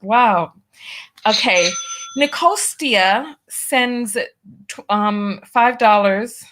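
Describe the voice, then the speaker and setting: Woman, host, casual commentary, fairly high-pitched, wry, rhetorical questions. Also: extremely slow, a bit bright. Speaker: show host. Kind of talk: casual commentary and reading donations.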